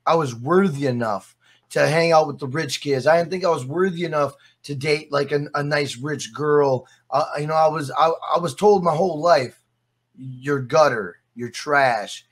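A man guesting on a casual podcast, his voice sitting a little high for a man. He tells stories with lively energy, swears freely and repeats his phrases for weight. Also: moderate pace, husky. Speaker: interview guest.

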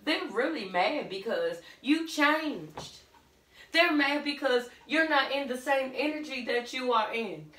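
Sassy and blunt, a woman does a casual tarot reading and keeps calling the listener honey and baby girl. She has a high, slightly bright voice. The recording is off-mic and distant, with roomy echo and a little hiss or hum.

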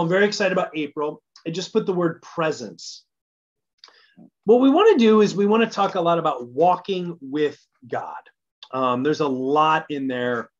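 A pastor talks through plans in a casual midweek church message, sounding eager and conversational as he thinks aloud. His voice sits a little higher than most men's. The recording is muffled and lo-fi, as if captured in a small study. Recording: dull lo-fi recording.

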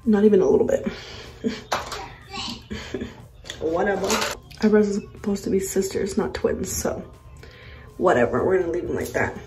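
A woman's voice: medium pitch, lively intonation, normal speed, long pauses, noisy background. A young woman, a mother, telling a story in a casual vlog while doing her makeup, blunt, profane and exasperated. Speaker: vlogger, mother. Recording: echoey room.

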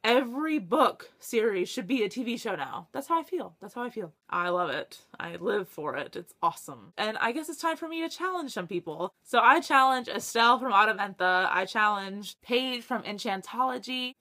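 A young woman chatting to camera for her book vlog, excitable, laughing often and swearing when she gets stuck. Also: mid-range voice. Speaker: book vlogger. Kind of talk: casual chat to camera.

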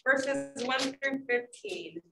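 A woman leads a Bible study class in a fairly high voice. She keeps her prompts to the group short and gentle. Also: fairly even intonation, slow pace, gravelly, noisy background. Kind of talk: leading group discussion.

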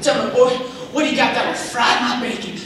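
A young man voicing a brash, pushy male customer in a comic stage skit, loud and slangy. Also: very high-pitched, fairly even intonation, a little fast, a crowd in the background, voice pushed down. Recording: echoey hall from far off.

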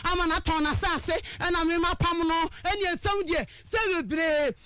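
A woman caller giving an emotional account of a family dispute, animated and often raising her voice. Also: very high voice, measured pace, soft background music.

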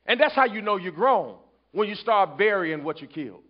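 A man preaches in a high, ringing voice. He calls out to his listeners, builds in intensity, then drops to quiet asides. The recording sounds muffled and lo-fi. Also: sing-song, a little fast. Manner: call-and-response preaching, rising and falling intensity. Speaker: pastor. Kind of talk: sermon. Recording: dull lo-fi sermon recording.

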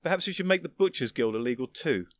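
A man's voice: medium pitch, expressive, quick pace, dry recording, lightly acted. Man voicing a smug, sly guild chief, cool delivery, dry recording. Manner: smug, coolly challenging. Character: sly, cocky male guild leader.

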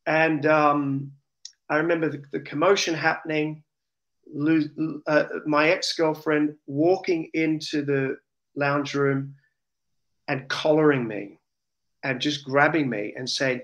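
A man's voice: a little high, slow pace. Earnest Australian man telling his story. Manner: earnest, emotional, animated retelling. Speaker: interview guest. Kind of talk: personal testimony storytelling.

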